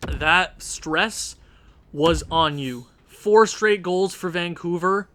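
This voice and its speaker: A young man commentating his own hockey video game, swinging from low muttering to shouting at his team. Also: slow, no echo. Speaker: gaming YouTuber.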